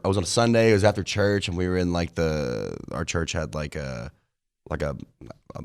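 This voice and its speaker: Young man, low pitch, podcast guest, hesitant, casual chat. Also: a little fast. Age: young adult. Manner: hesitant, many restarts, laughs through stories. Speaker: podcast guest, college football player.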